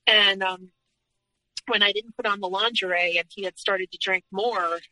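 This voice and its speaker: A woman speaks as a podcast guest, working through a personal account in an earnest, halting way and often stopping on "um". Her voice is bright and forward, and the recording is dry and close, with no room sound around it. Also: medium pitch, steady tone, no echo, rough recording. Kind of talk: recounting a personal story in a podcast interview.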